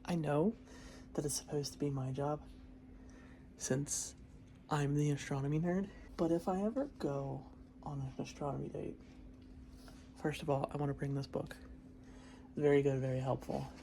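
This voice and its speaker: A woman with a low, gravelly voice chats away at home in a loose, rambling stream. She swears freely and keeps cutting herself off to restart a thought. A faint hum of room ambience sits under her. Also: fairly even intonation, normal speed, pauses often, mellow. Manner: chatty, swears often, trails off and restarts. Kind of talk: casual rambling chat.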